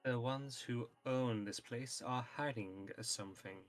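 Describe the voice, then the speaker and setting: A man's voice: mid-range voice, unhurried, soft background music, lightly acted. A man voicing a secretive, defiant female kenku bird-person who talks in clipped, stiff phrases in a tabletop game.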